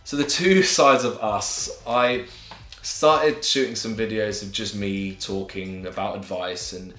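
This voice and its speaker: With a lowish, pushed, bright voice and fairly even intonation, a young man from England takes his time answering viewers' questions. He's a YouTuber making an advice vlog, earnest and encouraging, sprinkling in friendly slang, recorded in an echoey room over background music.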